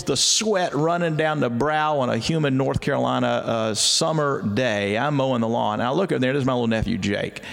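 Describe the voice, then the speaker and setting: A middle-aged pastor and author, telling stories as an interview guest, often restarting and acting out voices. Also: male voice, mid-range voice, creaky, in a large hall. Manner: animated storyteller who restarts often and acts out voices.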